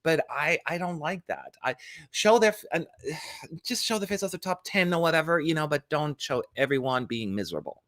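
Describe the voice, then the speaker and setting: A man co-hosting a casual podcast chat over a video call, expressive and opinionated, laughing often. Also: on the high side, moderate pace, dry recording, studio quality. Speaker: co-host.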